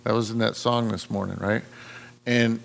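A man's voice: fairly low pitch, steady tone, normal speed, gravelly. A middle-aged man preaching a conversational sermon, often repeating words and quoting scripture. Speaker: pastor.

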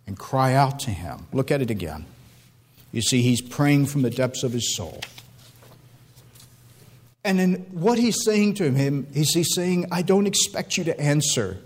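Delivering a sermon, this pastor stacks up rhetorical questions to build emotional appeals. Now and then his voice falls to a low hush.

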